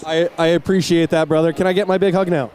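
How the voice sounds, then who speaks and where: A man's voice: fairly high pitch, steady tone, quick pace, darkish tone. A man interviewing players on the ice after a championship game, gushing and emotional, stumbling into restarts. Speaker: on-ice interviewer for a hockey broadcast.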